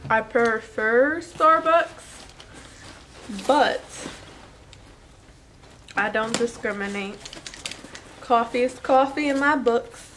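Chatty, self-deprecating woman vlogger doing an unboxing, unhurried delivery. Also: a little high, a bit bright, slight background noise. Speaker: vlogger, new mother. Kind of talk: casual product unboxing chat.

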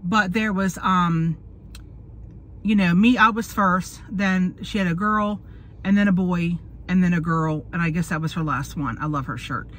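A woman's voice: lowish voice, fairly even intonation, measured pace. A woman in her forties chatting casually in a car, rambling and losing her train of thought. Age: 40s. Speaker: vlogger. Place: in a parked car.

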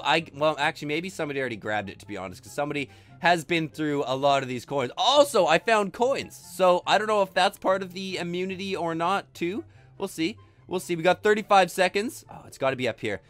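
High-voiced excitable gaming YouTuber man. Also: faint music behind. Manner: energetic, quick to exclaim, often repeats himself. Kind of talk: excited let's-play commentary.

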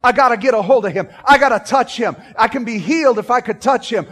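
A man's voice: very high-pitched, quick pace, a bit bright, in a large hall. A man preacher voicing a sick man in a crowd, pleading urgently to reach a healer. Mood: desperate.

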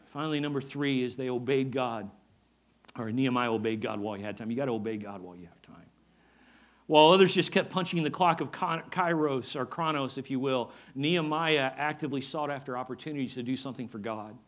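A man's voice: mid-range voice, a little fast, fairly bright tone. A man preaching a sermon as pastor, emphatic and repetitive, often asking his congregation for an amen. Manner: emphatic, repeats phrases, asks the congregation for amens.

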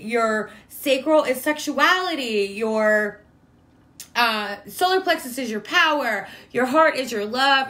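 A spiritual vlogger, an adult woman with a young daughter, chats casually with her viewers about energy and feelings in a fairly high, fairly bright voice. She's affectionate toward listeners and full of "like" and "right?" as she checks in.

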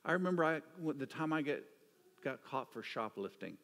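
A man's voice: medium pitch, normal speed, vocal fry. Man preaching in a reverberant church. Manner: storytelling, swings from animated to hushed. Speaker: pastor. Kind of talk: sermon. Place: church sanctuary.

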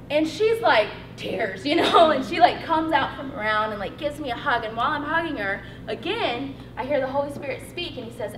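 A woman, giving a personal testimony talk at a workshop, animated and laughing, saying "like" a lot. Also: high-pitched, a little fast, distant mic, a little hiss or hum. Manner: animated, laughing storyteller, heavy use of "like". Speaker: workshop speaker. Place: college hall. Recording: roomy hall echo.

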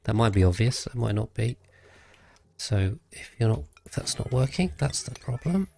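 A man's voice: mid-range voice, animated, normal speed, creaky, darkish tone, slight background noise. A man streaming a video game live, thinking aloud and chatting casually with his viewers as he plays. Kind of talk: casual live gameplay commentary.

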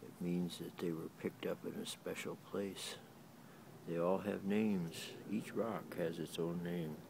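A man's voice: low voice, steady tone, unhurried, gravelly, noisy background. A man in a backyard talking to his dog in sing-song baby talk, repeating himself while filming on a handheld camera. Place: backyard, outdoors.

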